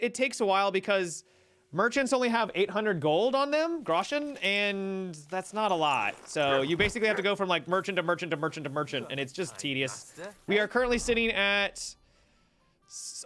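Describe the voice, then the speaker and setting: A man's voice: high-pitched, a bit bright. A male streamer giving chatty, rambling live gameplay commentary and talking to his chat.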